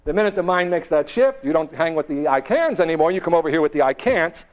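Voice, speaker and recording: A man giving a motivational seminar to a live audience, emphatic and full of rhetorical questions, slowing and quickening for effect. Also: fairly high pitch, animated. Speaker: motivational speaker. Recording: dull lo-fi recording.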